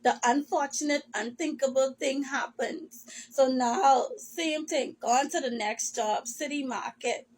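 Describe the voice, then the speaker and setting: Woman, high voice, emotional testimony, sometimes tearful. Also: a little slow, few pauses, a little mellow. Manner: impassioned, repetitive, addresses listeners as "people of God".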